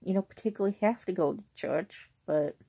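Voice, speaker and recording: A young woman vlogging in a casual, rambling way, who often clears her throat. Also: mid-range voice, a little fast, dark tone. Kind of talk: casual chat.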